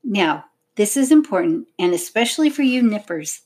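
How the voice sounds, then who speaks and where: A woman's voice: mid-range voice, big pitch swings, normal speed, dark tone, husky. A woman voicing a brusque, wheezing male police constable in an audiobook. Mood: stern. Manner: brusque, working-class speech. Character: wheezing London police constable, gruff man.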